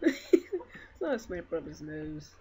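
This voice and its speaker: A woman giving casual let's-play commentary on her own game, excitable and trash-talking. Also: deep voice. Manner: excitable, trash-talking, quick to get frustrated. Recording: loud noise and mouse clicks behind.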